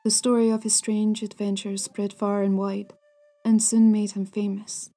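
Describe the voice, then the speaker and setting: A woman hosting a folklore podcast, narrating a ghost story in a hushed, half-whispered, deliberate way. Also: mid-range voice, flat delivery. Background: soft music.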